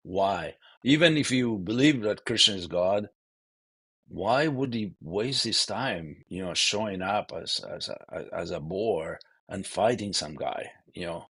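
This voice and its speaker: A man's voice: lowish voice, lively intonation, unhurried, fairly bright tone, husky, no echo. A man giving a devotional scripture lecture in a loose, conversational way, often saying "you know". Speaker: scripture class speaker.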